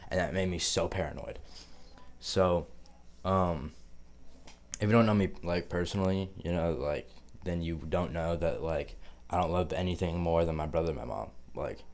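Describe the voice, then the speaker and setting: A man's voice: sits low, normal speed, long pauses, darkish tone. A young man telling a story to camera in a rambling, casual way, full of swearing and filler words. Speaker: vlogger.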